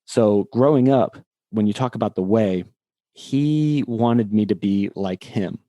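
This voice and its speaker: A man in his forties shares a personal story as a podcast guest, with a low, mellow voice. He talks candidly and with animation, often laughing at himself. The sound is close and dry. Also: measured pace, no echo, highs cut off.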